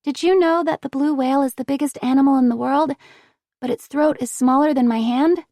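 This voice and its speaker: A woman voicing an eager, curious little girl who chatters brightly about facts she has learned. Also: high voice, a little fast, no echo, studio quality, voice pushed up.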